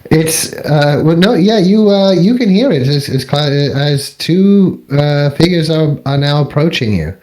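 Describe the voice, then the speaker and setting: A man narrating as game master of a tabletop game, halting and searching for words. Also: on the high side, expressive, a little mellow, low-quality recording. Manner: halting, full of ums and restarts.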